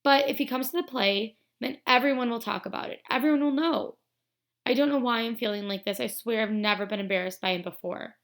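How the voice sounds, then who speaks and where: A woman's voice: on the high side, brisk, lightly acted. A woman reading a tearful, defensive teen girl. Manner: tearful, pleading. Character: teenage girl, upset and defensive.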